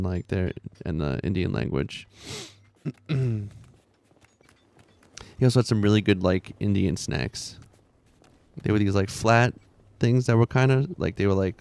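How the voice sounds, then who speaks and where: A man's voice: on the low side, a little mellow, no echo. A man in his thirties chatting casually while streaming a game, rambling, laughing often and muttering to himself.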